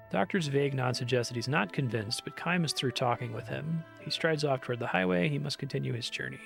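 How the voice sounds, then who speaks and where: A male streamer reads a game's story text aloud in an earnest, measured way. His voice is gravelly and mid-pitched. Soft game music plays underneath.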